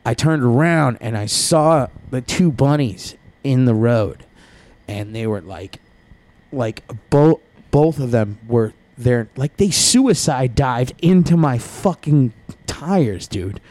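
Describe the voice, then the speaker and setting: A man's voice: mid-range voice, animated, slow, darkish tone, dry recording. A man guest on a podcast, telling a long story in a profane, rambling way and laughing as he goes.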